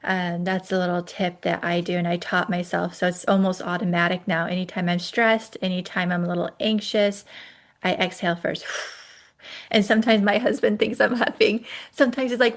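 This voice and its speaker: A woman's voice: medium pitch, fairly even intonation, normal speed. A woman in her forties hosting a wellness podcast, talking casually and chatting her way along with frequent ums and restarts. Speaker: podcast host.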